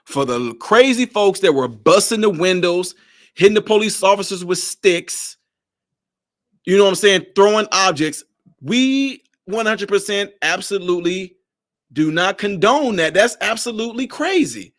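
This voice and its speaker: A man's voice: sits high, expressive, unhurried, fairly bright tone. A man giving casual, sarcastic reaction commentary, repeating himself and exclaiming. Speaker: political commentary host.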